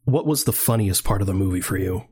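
A man's voice: sits low, expressive, fast, dark tone, breathy edge. A man co-hosting a podcast, chatting casually about a film, laughing often and joking sarcastically. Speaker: podcast co-host. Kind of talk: casual chat.

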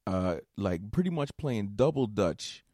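A man's voice: lowish voice, sing-song, unhurried, warm tone, slightly rough, dry recording, studio quality. A man hosting a solo comedy podcast, ranting in an exasperated way, swearing and breaking into nervous laughter. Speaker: stand-up comedian and podcast host.

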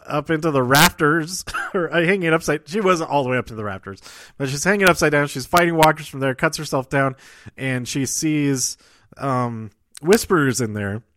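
A man casually recapping a TV episode, rambling and halting with many fillers, restarts and chuckling asides. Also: fairly high pitch, pushed and bright, no room sound. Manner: self-deprecating and chuckling asides.

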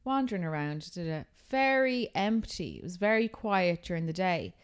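A woman's voice: on the low side, very animated, normal speed, smooth. A young woman, a podcast co-host telling coy, chatty anecdotes in casual conversation. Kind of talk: casual chat.

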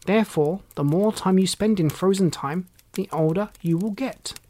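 A storyteller voicing a kindly old male elf elder who leads the elves, speaking slowly and patiently in a storybook read-aloud. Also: mid-range voice, dark tone, natural voice. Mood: instructive. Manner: slow, measured, instructive.

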